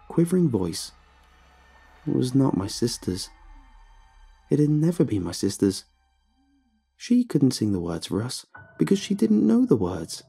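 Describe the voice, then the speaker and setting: Husky guy reading a creepy story, dramatic and swooping, soft music under it. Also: fairly low pitch. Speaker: horror story narrator. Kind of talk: scripted horror narration.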